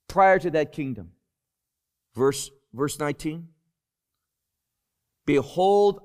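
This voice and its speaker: A man preaching a Bible-teaching sermon, deliberate and emphatic, often dropping his voice low at the end of a phrase. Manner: slow, deliberate, emphatic delivery with sudden drops in volume.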